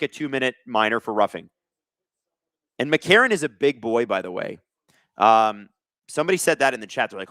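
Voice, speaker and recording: A man hosting a live hockey watch-along, reading viewer chat aloud and calling plays with excitable energy. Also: medium pitch, dry recording, studio quality.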